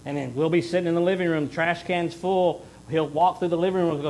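A middle-aged male pastor preaches in earnest with a fairly high voice, pushing points hard and then sinking to a hushed plea. A faint rumble runs under the recording. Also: fairly even intonation, quick pace, few pauses, rough recording. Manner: earnest preaching, swings between loud emphasis and hushed pleading. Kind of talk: sermon.

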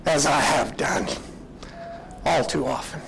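A man's voice: on the high side, slow pace, creaky, a bit bright, slight background noise, low-quality recording. A man preaching a sermon, retelling a story in an earnest, reflective way.

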